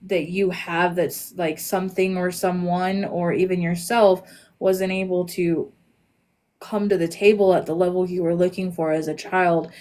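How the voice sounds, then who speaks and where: A woman's voice: fairly low pitch, level tone, measured pace. Female host, earnest and reflective, conversational delivery. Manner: earnest, reflective, trailing off softly. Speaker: podcast host. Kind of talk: casual chat.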